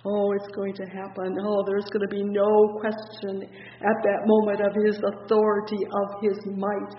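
A preacher giving a fervent sermon on a psalm, reading scripture in slow, drawn-out phrases and repeating praise between the verses. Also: medium pitch, monotone. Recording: dull, echoey hall recording with faint hiss.

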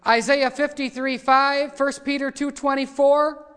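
A man preaching a sermon, retelling the story dramatically and voicing the quoted lines louder. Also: extremely high pitch, level tone, measured pace. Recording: long hall reverb.

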